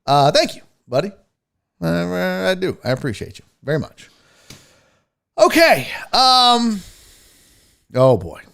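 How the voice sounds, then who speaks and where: A male host of a casual live sports talk stream, loose and rambling, with crude jokes. His pitch is middle-of-the-road, but his delivery swings up and down a lot. He swears casually and moves from topic to topic on a whim. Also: sing-song, slow pace, gravelly, pauses often, fairly bright tone. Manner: profane, joking, rambling.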